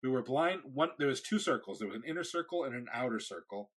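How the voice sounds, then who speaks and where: Man, podcast host, casual storytelling, husky, bright voice. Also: medium pitch, fast talker. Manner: animated storyteller, acts out quotes.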